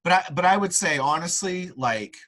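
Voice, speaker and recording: A man's voice: high-pitched, moderate pace, rough recording. A man hosting a casual sports podcast, telling rambling stories full of fillers. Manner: rambling, animated storytelling with many fillers. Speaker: podcast host.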